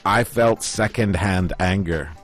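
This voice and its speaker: A man's voice: low voice, measured pace, faint music behind. A man from Oman co-hosting a casual chat, telling stories and acting out what people said. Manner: storytelling, puts on voices when quoting people. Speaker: podcast co-host.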